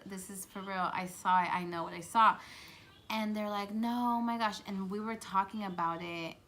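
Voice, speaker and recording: Young adult woman, storytime vlogger, bright low-ish voice, animated and chatty, faint room noise. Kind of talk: storytime vlog.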